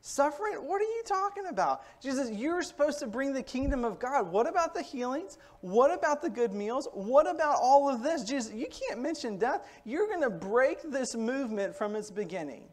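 A man's voice: sing-song, moderate pace, few pauses. A man voicing an anxious disciple who pleads urgently and protests a friend's plan. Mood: pleading. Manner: high-pitched, urgent, protesting.

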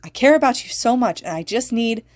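A woman's voice: on the high side, lively intonation, fairly quick, no echo, clean studio sound, pitched above the performer's own voice, natural voice. A woman reading Kirishima, a raw distraught teenage boy. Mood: tearful pleading. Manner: pleading, choked, emotional. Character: teenage boy hero student, angry then heartbroken.

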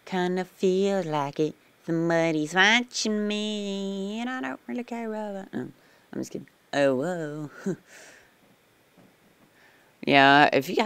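A man rambling through casual game commentary at an unhurried pace. His voice is smooth and clean, and he is easily startled. The recording is dry, close to a desk mic. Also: high-pitched, lively intonation, a bit bright, dry recording. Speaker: let's play gamer.

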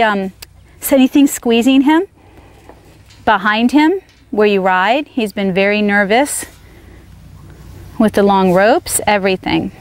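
Outdoors, a woman horse trainer demonstrates riding, coaxing her horse firmly with brief praise while explaining things to viewers. Her voice sits at a medium pitch.

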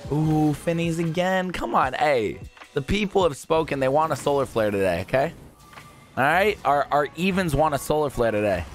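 A young man in casual gaming commentary, rambling excitedly and sometimes breaking into shouts. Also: mid-range voice, moderate pace, faint music behind. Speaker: gaming YouTuber. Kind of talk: casual crate-opening commentary.

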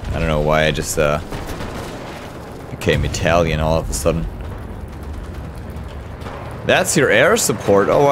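A man with a low, deep voice gives unhurried running commentary on a war game, cursing as he goes. His pitch swings widely, with sudden jumps up and down. Steady gunfire and explosions from the game sit behind him. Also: noisy background. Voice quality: swears often, talks to chat mid-game. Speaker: gaming streamer. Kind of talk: live gameplay commentary. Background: gunfire and artillery from the game.

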